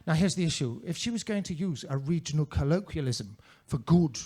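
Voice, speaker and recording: A man's voice: on the high side, expressive, fairly quick, a little mellow, husky. A male stand-up comedian performing in a comedy club with a mannered, theatrical, droll delivery into a handheld mic.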